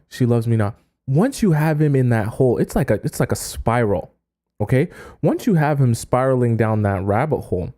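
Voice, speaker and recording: A man's voice: mid-range voice, warm tone. A man coaching on dating in a casual lecture, often checking in with "right?" and acting out quotes. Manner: acts out quoted voices.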